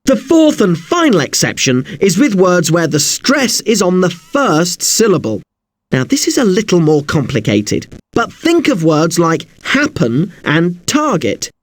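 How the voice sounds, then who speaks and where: Slow, lively-pitched male English teacher. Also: dry recording. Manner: spells words out letter by letter, slow and deliberate. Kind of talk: spelling lesson.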